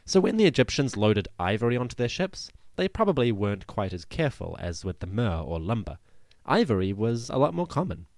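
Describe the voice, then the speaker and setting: A man hosting a history podcast, narrating from a script in a lively storytelling way with wry asides. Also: medium pitch, a little fast, dry recording, studio quality.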